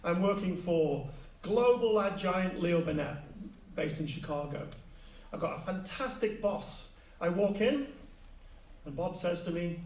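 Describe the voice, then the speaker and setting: A middle-aged man from Manchester with a Mancunian accent, telling a humorous personal story to an audience in a playful, animated way. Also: high voice, unhurried, distant mic, slight background noise. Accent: Mancunian English. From Manchester, England. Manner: playful, animated, with mock sound effects. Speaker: public speaker. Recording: echoey room, voice a little off-mic, faint ambience.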